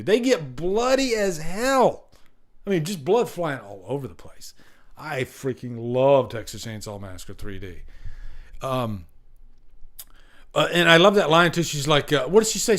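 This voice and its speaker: Guy hosting a live stream, lively voice that jumps all over, kinda high, rambly and restarting a lot. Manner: animated, rambling, enthusiastic with many restarts. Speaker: host.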